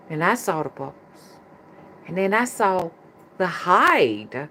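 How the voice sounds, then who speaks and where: A woman's voice: low voice, very animated, measured pace, long pauses, sharp tone. A middle-aged woman with a Southern US accent, a spiritual reader chatting casually to her viewers and telling a story. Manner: colloquial, chatty, addresses the audience as "y'all".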